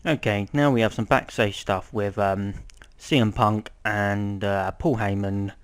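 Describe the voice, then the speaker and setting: A young man giving a casual, rambling review of a wrestling show, swearing often and filling pauses with ums. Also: on the low side.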